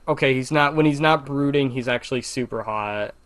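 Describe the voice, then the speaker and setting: A male podcast co-host chats casually, speaking with what he himself calls a Valley Girl inflection. His voice is mid-range and a bit bright, and he talks a little fast.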